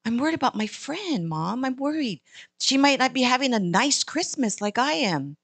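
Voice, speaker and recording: A woman's voice: high-pitched, sing-song, moderate pace, a bit bright, slightly rough, dry recording, voice pushed up, exaggerated voice. A woman voicing a caring young girl in a children's story, talking in a pleading, childlike way. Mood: worried.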